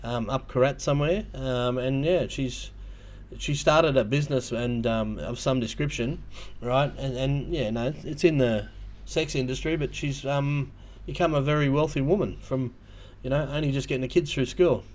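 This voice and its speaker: A man's voice: mid-range voice, normal speed, darkish tone. A man with an Australian accent hosting a casual livestream, telling a rambling story full of ums and restarts. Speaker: livestream host.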